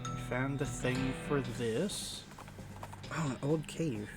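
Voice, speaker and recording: A man's voice: mid-range voice, slow, over loud music. A man streaming live gameplay, chatting casually and reading game text aloud.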